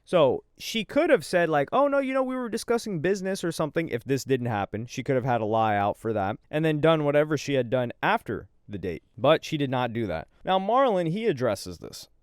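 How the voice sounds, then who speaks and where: A man giving rambling, slangy reaction commentary in an animated way. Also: mid-range voice, normal speed, few pauses, smooth, dry recording, studio quality. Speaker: streamer commentator.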